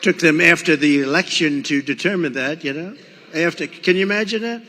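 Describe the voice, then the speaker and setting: A man's voice: on the high side, brisk, long reverb tail, noisy background. An older man giving a rambling, boastful rally speech, acting out quoted exchanges. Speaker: political speaker at a rally. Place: large rally venue.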